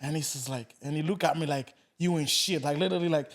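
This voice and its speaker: A man hosting a podcast, telling stories in a casual, animated way and swearing freely. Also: a little high, quick pace. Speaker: podcast host.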